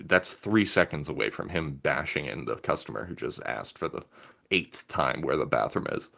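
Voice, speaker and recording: A man's voice: very deep voice, expressive, normal speed, creaky, pushed and bright. A young man co-hosting a podcast in casual chat, with dry, teasing remarks. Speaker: podcast co-host.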